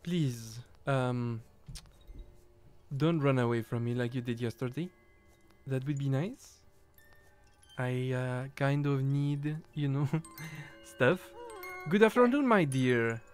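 A man's voice: mid-range voice, steady tone, slow, darkish tone, smooth, faint music behind. A man casually commenting on his own game playthrough, rambling, swearing and joking about his losses. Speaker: game streamer. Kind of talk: let's play commentary.

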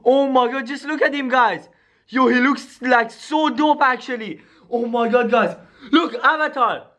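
A very high-pitched male YouTuber narrates a scripted scary skit. He speaks to his viewers in an excitable rush, full of "yo" and "guys". He keeps the camera audience close the whole way through. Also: a little slow.

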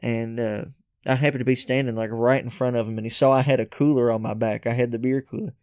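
A man's voice: mid-range voice, steady tone, fast talker, darkish tone, smooth, no echo, clean studio sound. A man guest on a podcast, telling stories in a laid-back, hesitant way with many uhs. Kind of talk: casual storytelling.

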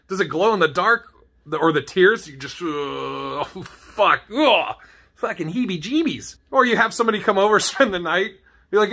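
Man, comedic vlog rant, swears constantly, rambling, laughs often, fairly high tense voice. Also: moderate pace, bright, forceful tone. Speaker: vlogger.

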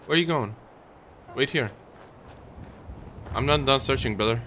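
A chatty man hosts a let's play at a medium pitch. He talks to his viewers and coaxes his in-game dog along. He turns excitable and shouts when something startles him. Game music plays steadily behind him. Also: normal speed, long pauses. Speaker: gaming channel host.

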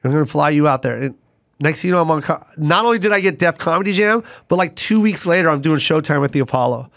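A middle-aged man, a guest comedian, telling stories in a lively way and slipping into character voices. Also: a little high, fast, no room sound, clean studio sound. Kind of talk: conversational storytelling.

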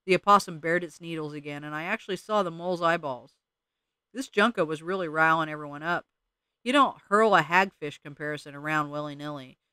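A man reading a novel aloud as an audiobook narrator, in a wry, deadpan way. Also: on the high side, fairly quick, clear, resonant tone, no echo. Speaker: audiobook reader.

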